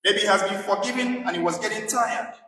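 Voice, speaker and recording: A man's voice: high-pitched, a little fast, bright, forceful tone. A man, a priest, preaching a sermon emphatically with repeated rhetorical questions, in a church. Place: church in England. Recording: echoey church from a distance.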